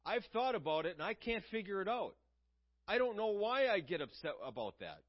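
A man's voice: sits high, very animated, brisk, highs cut off. A man preaching a sermon in an earnest, conversational way, asking his listeners questions.

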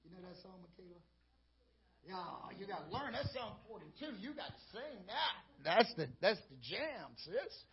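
A man preaching a lively sermon as pastor, chuckling and acting out how he talks to himself. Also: high voice, normal speed, dull audio, crowd noise.

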